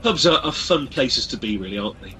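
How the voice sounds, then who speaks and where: A man's voice: mid-range voice, lively intonation, quick pace, a crowd in the background, poor audio. An Englishman with an English accent, chatting jovially on a radio show, addressing listeners as folks and stumbling over his restarts. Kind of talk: casual radio chat.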